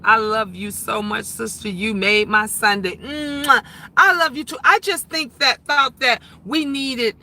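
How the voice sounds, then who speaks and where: A middle-aged woman hosting a casual live stream, reading comments and chatting loudly with sudden high squeals. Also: a little hiss or hum. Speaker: livestream host reading viewer comments.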